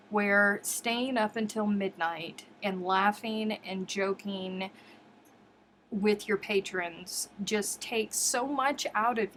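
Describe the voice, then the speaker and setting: A woman in a mid-range voice hosts a relaxed craft livestream, greeting her viewers and chatting warmly about her week. She rambles, repeats herself and laughs easily, and a faint room hum sits under her voice. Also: mid-range voice. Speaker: crochet livestream host. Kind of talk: casual live-stream chat.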